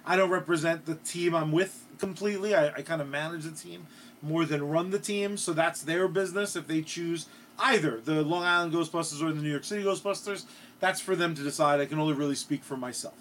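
A man with a high voice cohosts a casual comedy podcast, drifting between crude jokes and hesitant, rambling points. His talk is full of ums and restarts. A faint hum of noise runs behind him. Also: fairly quick, a bit bright. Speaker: podcast co-host.

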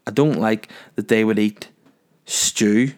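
A man's voice: fairly low pitch, fairly even intonation, slow, darkish tone. A young man, telling a crude, rambling comic story in a loose monologue.

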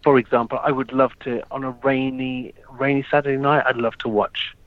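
A man fields light questions in a halting, wry way, often restarting his sentences. The sound is slightly muffled and has no room echo. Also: mid-range voice, flat delivery. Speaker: interview guest. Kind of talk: casual interview answers. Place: lives in London.

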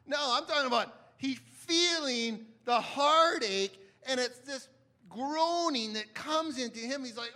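Bright high-pitched male preacher. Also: animated, measured pace. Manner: emphatic, dramatic swings from loud to hushed, asks the audience questions. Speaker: pastor. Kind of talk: sermon.

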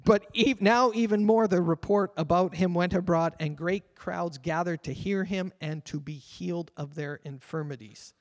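A man with a notably high voice preaches a sermon in a church sanctuary. His words ring out with a long hall reverb. He talks with earnest fervor and slows down to read scripture aloud. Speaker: pastor.

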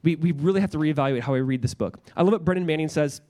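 A man's voice: a little high, rapid-fire, a little mellow. A young adult man, a pastor, preaching a sermon in a church with an earnest, conversational manner, often restarting his phrases.

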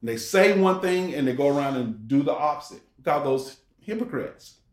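A preacher with a slightly high, animated voice gives an informal sermon at normal speed, rambling conversationally through scripture and asking rhetorical questions. The recording has a roomy echo.

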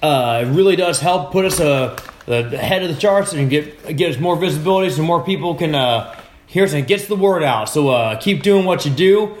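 A man's voice: on the high side, expressive, normal speed, echoey room, slight background noise. A man hosting a podcast, telling stories in casual chat, rambling and swearing a lot. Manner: rambling, profane storytelling. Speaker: podcast host.

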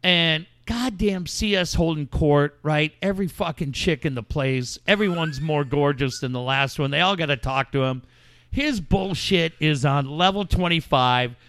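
A man's voice: a little high, normal speed, a bit bright, no echo. A man hosting a podcast, telling long stories in casual, profanity-heavy chat. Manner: profane, rambling storyteller. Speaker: podcast host.

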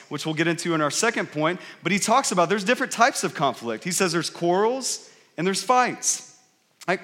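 A high-pitched male pastor preaches to his congregation in a loose, conversational way, telling stories and checking in with "right?" questions. His voice rings through a church hall with a long, trailing reverb. He sounds middle-aged and at ease at the pulpit. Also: fairly bright tone. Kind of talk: sermon. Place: church sanctuary.

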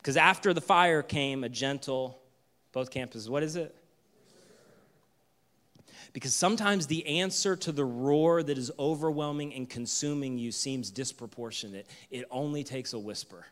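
A male pastor preaching a sermon, retelling a story with dramatic swings between loud and soft. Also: medium pitch, normal speed.

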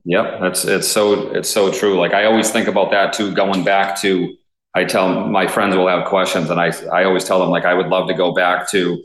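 A man speaking as a podcast guest from his home garage gym, halting and blunt, with many fillers and some swearing. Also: low voice, level tone, a bit bright. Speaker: guest, police K9 officer. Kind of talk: casual interview conversation. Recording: echoey garage room.

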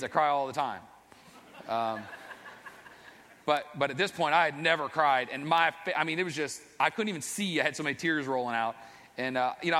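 A father tells his faith testimony as personal storytelling, earnest, rambling and self-deprecating. His voice is mid-range and fairly bright, and the recording carries long reverb, like an echoey hall.

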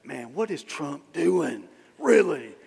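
A man's voice: medium pitch, little pitch movement, fast talker, a bit bright, lightly acted. A man putting on a folksy accent to voice a self-assured, blustery patriotic American. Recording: long hall reverb.

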